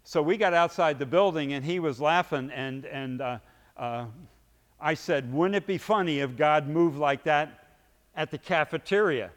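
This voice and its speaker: A man preaching, telling a story vividly and acting out its scenes, his loudness swinging from hushed to booming. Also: normal speed, big-room sound. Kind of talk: sermon storytelling.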